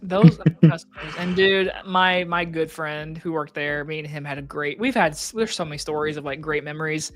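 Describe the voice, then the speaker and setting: Swearing, animated casual storyteller. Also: mid-range voice, moderate pace, hardly any pauses. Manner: animated storyteller, swears freely, acts out quotes.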